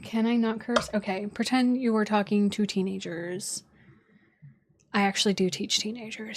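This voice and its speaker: A woman's voice: medium pitch, fairly even intonation, normal speed, long pauses, slight background noise. A woman astrologer chatting casually on a livestream from home, loose and filler-heavy, with casual swearing.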